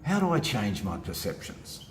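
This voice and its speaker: Animated man giving a self-help talk. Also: lowish voice, moderate pace, slight background noise. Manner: animated, emphatic, steps through points. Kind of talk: motivational talk to camera. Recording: echoey room with faint ambience.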